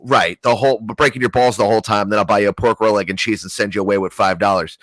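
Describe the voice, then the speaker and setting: Deep-voiced, profane man chatting. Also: fast talker, few pauses, no echo. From New Jersey area. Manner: profane, animated storytelling. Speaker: podcast co-host. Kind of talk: casual podcast chat.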